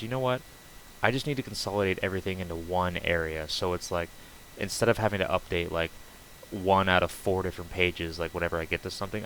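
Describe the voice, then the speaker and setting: Low, flat-voiced man rambling on stream. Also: slight background noise, low-quality recording. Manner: rambling, loose, full of fillers and restarts. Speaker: streamer building on a game server. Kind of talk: casual rambling stream chat.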